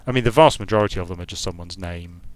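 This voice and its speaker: A British game designer from the United Kingdom streams himself playing a strategy game, speaking very fast in a low voice on a dry recording. His commentary is casual and digressive, as if he's musing aloud.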